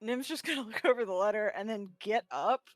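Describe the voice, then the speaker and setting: A woman's voice: mid-range voice, brisk. A woman playing in a tabletop game, talking casually with crude asides. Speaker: player.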